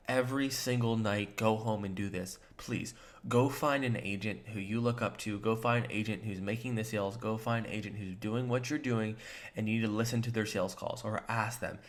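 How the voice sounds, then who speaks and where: A man's voice: on the low side, fairly bright tone. A man giving a motivational coaching talk to new sales agents. He speaks in an emphatic, direct way, addresses the listener straight on, and acts out short quoted lines with shifts in tone. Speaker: sales trainer and agency co-founder.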